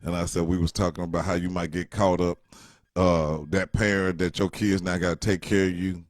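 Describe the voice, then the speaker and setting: A man's voice: low voice, little pitch movement, a little fast, no echo, clean studio sound. A middle-aged man telling a rambling, joking story in casual slang. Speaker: vlogger.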